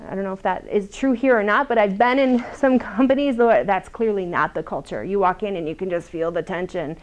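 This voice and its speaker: A woman in her thirties giving a lunch-and-learn talk to a small group, chatty and animated, laughing often. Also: medium pitch, fairly quick. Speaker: workshop presenter.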